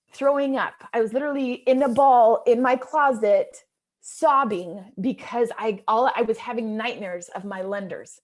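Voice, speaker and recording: High-voiced woman in her 30s telling a heartfelt story to a crowd, earnest, goes from hushed to excited. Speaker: real estate investor speaker. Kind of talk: personal story told to an audience.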